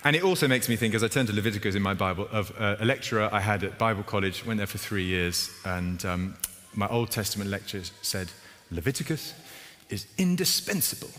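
A male pastor giving a conversational sermon, with lively emphasis and wry asides. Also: lowish voice, fast talker. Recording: reverberant hall with faint ambience.

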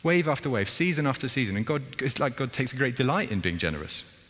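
A man's voice: mid-range voice, big pitch swings, fast talker, a bit bright, long reverb tail. A male pastor preaching a sermon in church, conversational with rhythmic, repeating phrases.

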